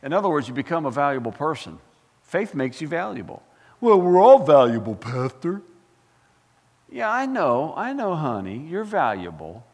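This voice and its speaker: A male pastor preaching with fire, his voice climbing and plunging all over the place. His tone has a gravelly edge, and it rings out with a long reverb from a church sanctuary. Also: on the high side, normal speed. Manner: fired-up, animated preaching with folksy asides and repetitions. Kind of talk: sermon.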